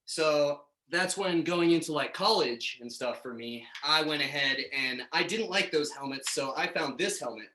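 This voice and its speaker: A young man talks in a relaxed, chatty way, a little out of breath and often pausing on fillers. His voice sits slightly high for a man, and the room around him echoes. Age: young adult. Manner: laid-back, chatty, hesitant fillers. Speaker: guest.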